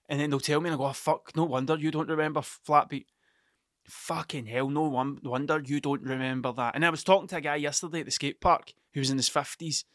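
A man's voice: on the high side, bright, forceful tone, no echo, clean studio sound. A man in his forties hosting a solo podcast, rambling and swearing heavily while mocking himself. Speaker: podcast host.

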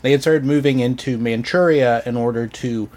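A man's voice: mid-range voice, normal speed, a little mellow. A man co-hosting a podcast, explaining history in a casual, hesitant way, full of ums and "sort of". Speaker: podcast co-host presenting history.

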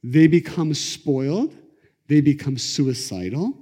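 A middle-aged man teaching a class on Kabbalah, telling stories in a lively conversational way. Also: a little high, slow, husky. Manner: animated, conversational, acts out quotes. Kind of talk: lecture storytelling. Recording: echoey lecture hall.

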